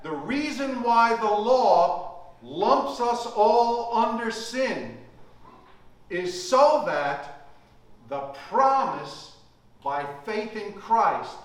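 A man preaching a sermon, emphatic, slowing down to stress key words. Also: high voice, expressive. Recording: very echoey, from far off the mic.

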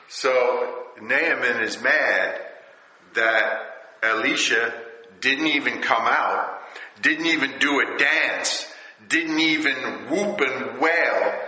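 A man preaches slowly through a scripture passage, pausing on fillers and stretching his phrases. His voice is bright and tense. It rings out in a large, echoing hall. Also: medium pitch. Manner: slow, drawn-out delivery with fillers, raising his voice for quoted characters. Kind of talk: sermon, reading and explaining scripture. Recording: roomy hall with long reverb.

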